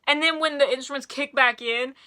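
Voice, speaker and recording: A young woman rambling excitedly through a casual music review, gushing and sometimes singing along. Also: sits high, a little fast, background noise.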